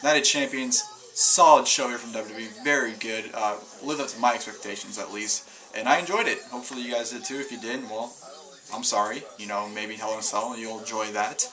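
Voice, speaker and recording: Bright-voiced man rambling through a review. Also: fairly low pitch, fairly quick, low-quality recording. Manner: rambling recap with many fillers and restarts. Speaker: wrestling show reviewer. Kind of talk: casual video review. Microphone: camera mic.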